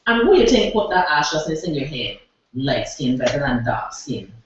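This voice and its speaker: Woman, virgin islands accent, forceful spoken word poetry, echoey room, dull distant mic. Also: a bass voice, very animated, normal speed, a little hiss or hum. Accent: Virgin Islands Creole English. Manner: forceful, confrontational address. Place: cafe open mic.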